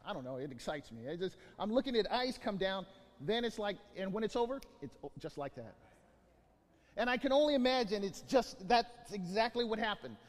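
Male pastor, high voice, animated preaching, stumbling restarts, long hall reverb. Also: fairly quick. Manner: animated storytelling with many restarts. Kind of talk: sermon.

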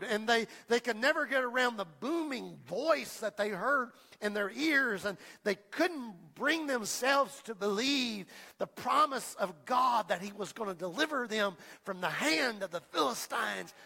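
A male preacher delivering a fervent sermon, repeating phrases and building toward shouts. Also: high voice, vocal fry. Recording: long reverb of a large hall.

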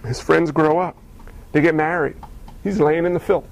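A man preaching a sermon in a lively, animated way, acting out the people in the story he tells. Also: on the high side, normal speed, creaky, low-quality recording. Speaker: pastor.

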